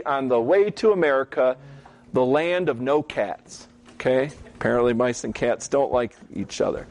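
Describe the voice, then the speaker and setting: A man giving a Bible teaching talk, telling stories in a relaxed, conversational way and often checking in with "okay?". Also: fairly high pitch.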